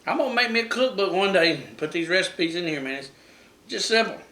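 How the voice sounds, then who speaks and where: A man's voice: high voice, lively intonation, fairly quick, bright, forceful tone, low-quality recording. A middle-aged man hosting a casual home cooking demo, chatty and folksy, talking to viewers as guys. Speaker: cooking show host. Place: home kitchen.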